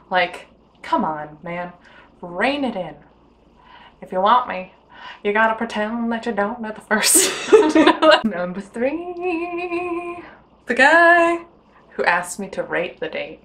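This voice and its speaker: Woman, casual vlogger, giggly and self-mocking, mid pitch, informal sit-down chat. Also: lively intonation, unhurried, fairly bright tone. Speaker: storyteller recounting bad dates.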